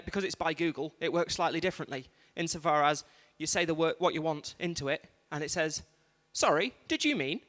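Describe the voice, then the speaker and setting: A man's voice: high voice, bright, forceful tone. A man hosting an awards night live on a stage microphone, chatty and rambling with asides to the audience. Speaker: event host and compere. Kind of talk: live stand-up compering. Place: large museum event hall. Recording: reverberant hall on live stream.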